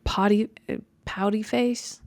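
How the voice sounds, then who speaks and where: A woman's voice: mid-range voice, steady tone, takes it slowly, darkish tone, no room sound. A young woman hosting her podcast, rambling in a self-mocking, conversational way with many fillers. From Chicago. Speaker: podcast host. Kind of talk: stream-of-consciousness monologue.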